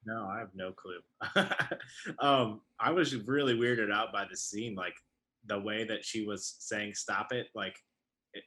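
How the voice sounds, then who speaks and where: A man's voice: on the low side, slow pace, pushed and bright. A man co-hosting a casual recap chat, speaking hesitantly with restarts. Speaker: podcast co-host.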